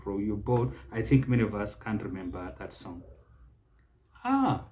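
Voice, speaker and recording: Middle-aged man, pronunciation teacher; slow, measured delivery, mellow dark tone. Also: a little high. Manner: slow, deliberate, repeats words for emphasis. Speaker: pronunciation teacher and show host. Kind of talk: spoken English lesson to camera.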